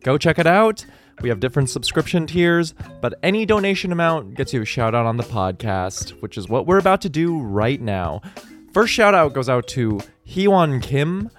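A man's voice: medium pitch, sing-song, normal speed, hardly any pauses, faint music behind. A man co-hosting a podcast in casual chat, laid-back and joking, swearing now and then. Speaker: podcast co-host.

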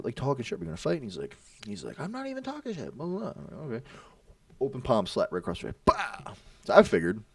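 A young man casually telling animated stories among friends, swearing freely and acting out what people said. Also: medium pitch, no room sound, recorded from a distance.

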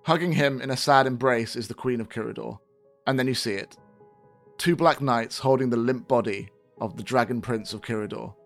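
A man narrating a tabletop game as game master in a steady, descriptive way. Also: mid-range voice, fairly quick, soft background music.

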